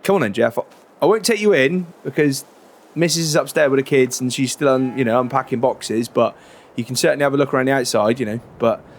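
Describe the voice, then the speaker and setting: Chatty man with a gravelly voice. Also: mid-range voice, fast talker. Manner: relaxed, chatty, many fillers and restarts. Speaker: roleplay creator. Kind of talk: game roleplay.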